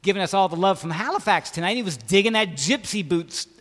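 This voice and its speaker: A man's voice: sits high, expressive, quick pace, fairly bright tone, in a large hall, a little hiss or hum. A man hosting a radio music show, talking loosely and rambling with hip slang. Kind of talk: casual radio banter.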